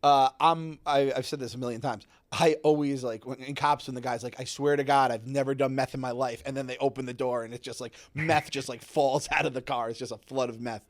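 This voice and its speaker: Fast-talking man, rambling co-host. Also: mid-range voice. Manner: rambling, self-interrupting, animated. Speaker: podcast co-host. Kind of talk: casual podcast chat.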